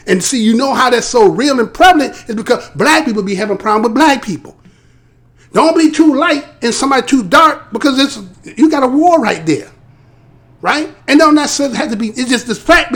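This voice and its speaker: American male host, high voice with gravel, chatty rhetorical commentary full of tag questions. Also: fairly bright tone. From United States. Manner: conversational, rhetorical, tags points with "right?". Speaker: live show host. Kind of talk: casual commentary.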